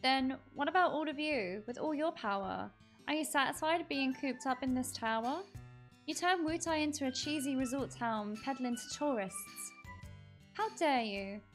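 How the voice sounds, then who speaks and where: A woman's voice: high-pitched, normal speed, soft background music. A woman reading the lines of a bratty, defiant young ninja girl in a snappy, indignant way.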